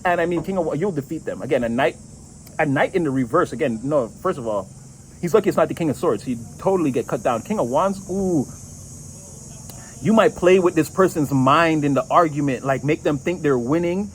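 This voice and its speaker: A man's voice: on the high side, animated, a little fast, a little hiss or hum, poor audio. Chatty man giving a tarot reading. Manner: chatty, laughs often, swears casually. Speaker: tarot reader.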